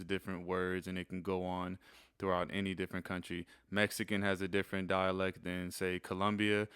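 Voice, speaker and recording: A young man casually explaining Spanish phrases in a rambling, relaxed way, slowing down when he repeats them. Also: deep voice, smooth, no echo, clean studio sound. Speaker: host teaching Spanish phrases. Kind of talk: casual instructional video.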